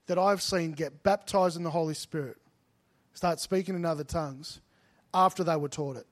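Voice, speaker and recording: A middle-aged man preaching in a slightly high voice. He tells stories from the pulpit and climbs to loud, emphatic peaks. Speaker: pastor. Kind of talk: sermon.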